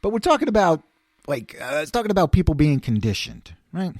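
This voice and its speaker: A lively, storytelling man with a New York accent, his voice climbing and falling as he acts out the people in his anecdotes. His tone sits a bit high for a man, and the sound is close and dry with no room around it. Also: a little fast, dry recording. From New York City area. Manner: animated, acts out quoted voices, laughs often. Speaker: podcast host. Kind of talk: casual storytelling monologue.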